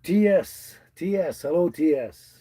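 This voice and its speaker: A man's voice: on the high side, lively intonation, unhurried, dark tone, a little hiss or hum, poor audio. A man from British Columbia, hosting a casual live stream and greeting viewers by name in a folksy way. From British Columbia, Canada. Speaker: livestream host. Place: tiny house with dogs nearby.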